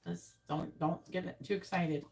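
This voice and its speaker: A woman's voice: fairly low pitch, steady tone, measured pace, creaky, a little mellow, low-quality recording. A woman giving a casual live-stream tarot reading, blunt and chatty, who swears and repeats her questions to the cards. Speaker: tarot reader.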